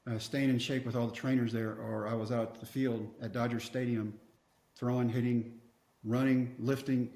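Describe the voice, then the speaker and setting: As a podcast guest, a middle-aged Texan tells his story with wry, self-mocking humor, acting out the other people's dialogue in it. His voice is at an ordinary middle pitch and echoes through a roomy, reverberant space.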